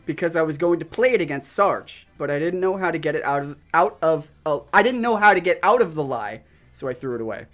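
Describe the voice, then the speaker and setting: A man's voice: on the high side, expressive, a little fast, hardly any pauses, a bit bright, faint music behind. Rambling young male game show host. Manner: rambling, laughs through his story. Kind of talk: casual chat, telling a story.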